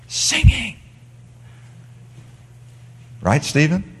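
A man teaching a Bible class, animated, asking the class questions and answering them himself. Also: sits high, drawn-out words, husky. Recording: long hall reverb.

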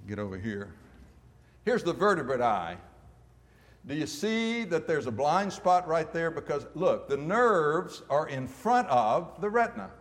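A man's voice: a little high, long reverb tail. A man giving a classroom lecture, emphatic and full of rhetorical questions.

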